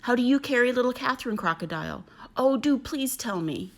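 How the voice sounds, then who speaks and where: A woman's voice: on the high side, lively intonation, brisk, voice pushed up. A woman voicing a sad, worried mother kangaroo who pleads for help through tears, in a storybook reading. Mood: pleading. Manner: pleading, weepy.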